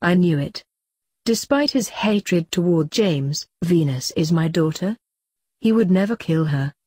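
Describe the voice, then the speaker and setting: A woman's voice: lowish voice, expressive, unhurried, darkish tone, slightly rough, dry recording, studio quality. Woman reading as a firm, protective mother. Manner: firm and commanding.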